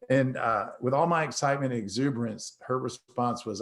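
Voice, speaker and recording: A middle-aged male host shares a personal story in a relaxed, conversational manner, animatedly acting out the dialogue. His medium-pitched voice moves briskly, with hardly any pauses.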